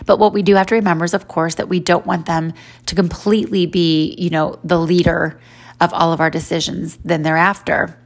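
A woman's voice: fairly low pitch, little pitch movement, brisk. A woman in her forties giving a faith-based personal talk in a conversational way, with many "you know" fillers. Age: 40s.

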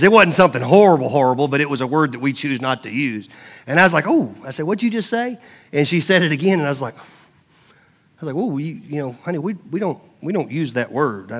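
A middle-aged male pastor preaching a sermon in a conversational, animated way, with stories and asides. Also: medium pitch.

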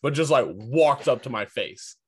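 A man's voice: mid-range voice, expressive, normal speed, husky. Young man rambling through a story. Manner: rambling, filler-heavy "like". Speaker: podcast co-host. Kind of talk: casual chat, storytelling.

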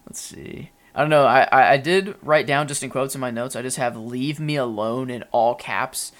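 A young man co-hosts a podcast in casual chat, rambling with lots of fillers and restarts. His voice is mid-range and his pace moderate.

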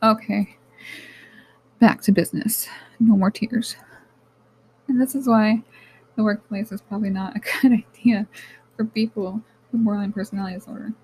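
A woman's voice: mid-range voice, fairly even intonation, moderate pace, pauses often, darkish tone, husky, low-quality recording. A woman hosting her own podcast, talking candidly and rambling, swearing freely and addressing listeners as guys, close to tears. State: near tears. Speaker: podcast host. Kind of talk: personal podcast monologue.

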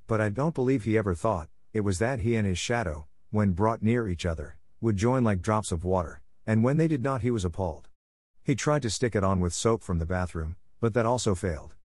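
A man narrating a classic children's story in a measured, even reading. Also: on the low side, dry recording, clean studio sound.

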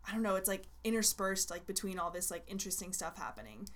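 A woman's voice: mid-range voice, lively intonation, fast, fairly bright tone. A young woman in casual chat, rambling with many fillers and restarts as she shares her opinion of a movie. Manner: rambling, filler-heavy, self-interrupting.

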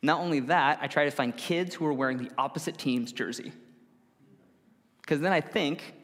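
A man's voice: a little high, moderate pace, fairly bright tone. A man preaching a casual, conversational sermon to a congregation, often correcting himself and acting out what people said. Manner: conversational with self-corrections and acted-out quotes. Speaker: pastor. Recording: long hall reverb.

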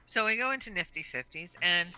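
A woman's voice: lowish voice, expressive, brisk, bright, forceful tone, clear, resonant tone, low-quality recording. A woman telling blunt, swearing stories in casual chat, laughing along.

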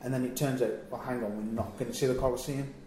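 A man telling a long travel anecdote in a relaxed chat, acting out what people said. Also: medium pitch, fast talker. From England. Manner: animated storyteller, acts out quotes. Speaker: wrestler telling a road story. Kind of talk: casual anecdote. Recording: echoey room, faint ambient noise.

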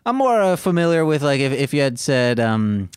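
Playful, lively-voiced game master. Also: male voice, medium pitch, normal speed, smooth, no room sound, studio quality. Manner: playful, jokey interjections. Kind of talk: casual chat at a tabletop session.

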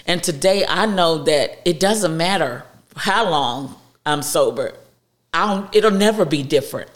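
A woman guest speaking candidly about her recovery, halting and heartfelt, with frequent restarts. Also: low voice.

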